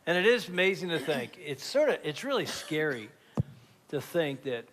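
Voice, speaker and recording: A man in his fifties, a grandfather and pastor, tells stories from the stage in a slightly higher-than-usual voice. He talks like he's chatting, and now and then his voice jumps up loud and high. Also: normal speed, slight background noise. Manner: animated storyteller with sudden loud jumps. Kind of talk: conversational sermon.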